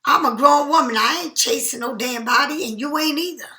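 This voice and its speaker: A woman talks through a tarot reading in a loose, slangy, animated way. Her voice sits high and sounds bright. The room around her is echoey. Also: fairly quick. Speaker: tarot reader.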